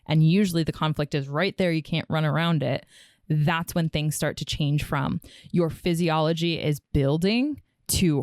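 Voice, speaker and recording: A woman co-hosting a relationship podcast, explaining ideas in a calm, steady teaching tone. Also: sits low, normal speed, no room sound, studio quality. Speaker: co-host. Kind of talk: casual podcast chat.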